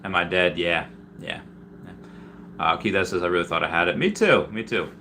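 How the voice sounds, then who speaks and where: A man's voice: low-pitched, moderate pace, sharp tone, slight background noise. A man from Peru hosting a casual live stream, reading viewer comments aloud and answering them in a rambling way, often restarting his sentences. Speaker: livestreamer answering chat.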